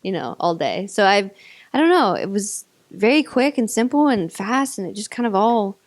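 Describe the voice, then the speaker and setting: A young woman from North Carolina talks in a casual interview with a faint Southern accent. She is bubbly and quick to giggle, and her answers are full of likes and ums. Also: mid-range voice, very animated. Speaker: actress, interview guest.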